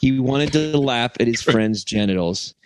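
A man's voice: mid-range voice, animated, measured pace, faint music behind. A man co-hosting a comedy podcast, rambling through absurd bits and breaking into giggles. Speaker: podcast co-host. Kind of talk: comedic casual chat.

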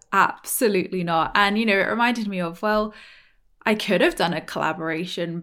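A woman's voice: fairly low pitch, a bit bright. A woman hosting a solo podcast, talking in a chatty, emphatic way with many "like" and "you know" fillers. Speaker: podcast host.

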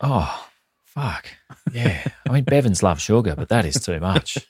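A man's voice: fairly low pitch, sing-song, measured pace, darkish tone, breathy edge, no echo. An Australian man hosting a podcast in casual comedic chat, with dry, wisecracking remarks and free swearing. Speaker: podcast host.

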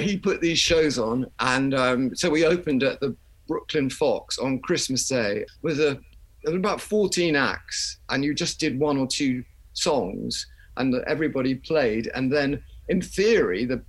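A man's voice: mid-range voice, animated, normal speed. An older man, a musician guest, telling chatty anecdotes in an interview and laughing as he goes. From England.

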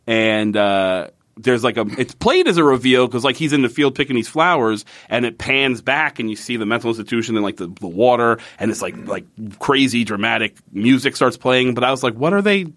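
A young man talks through a show's plot in rambling casual chat, swearing freely with incredulous sarcasm. His voice sits at a middle pitch and the recording is dry and close, with little room sound. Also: lively intonation, a little fast, fairly bright tone, no room sound. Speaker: podcast co-host recapping a TV episode.

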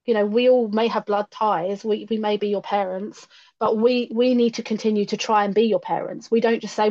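Earnest woman guest on a podcast, mid-pitch, repeats her words as she starts, dull muffled audio. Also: steady tone, brisk, a little mellow. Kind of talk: candid conversational chat.

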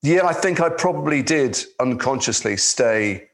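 A man with a London accent, an actor telling anecdotes in relaxed chat, with many restarts. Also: medium pitch, unhurried. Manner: lively storyteller, swears in quotes, many restarts. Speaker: actor guest.

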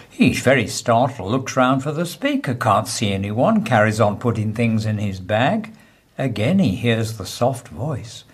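A man's voice: mid-range voice, very animated, a little slow, breathy edge. A man hosting a radio show, telling stories and jokes in a dry, self-mocking way and laughing at his own punchlines. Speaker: radio host.

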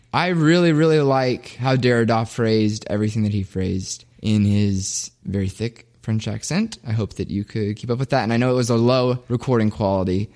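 A man's voice: medium pitch, a little mellow. A man hosting his own show, commenting casually on an archival clip with chatty, self-deprecating asides. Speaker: podcast host.

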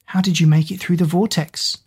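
A woman's voice: lowish voice, steady tone, fairly quick, a little mellow, breathy edge. A woman voicing a frightened teenage girl heroine in a read-aloud storybook, pleading and often half whispered. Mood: anxious.

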